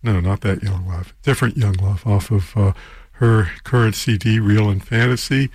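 A male radio DJ with a slightly husky voice, talking loosely and hesitantly with plenty of fillers and wry jokes at his own expense. The sound is close and dry, with no room around it. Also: on the low side, fairly even intonation, moderate pace, darkish tone, dry recording. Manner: rambling, unsure, self-deprecating asides. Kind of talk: casual radio show talk.

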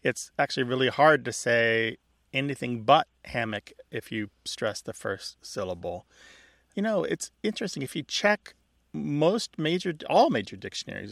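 Gravelly-voiced man co-hosting a radio show. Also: mid-range voice, fairly bright tone, dry recording, studio quality. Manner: chatty, explanatory, laughs often. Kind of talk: casual radio talk about language.

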